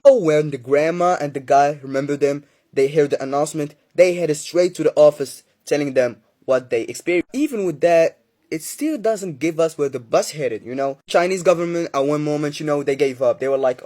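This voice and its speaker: A man casually telling a horror story, chatting directly to his listeners with quick recaps and asides. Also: a little high, warm tone.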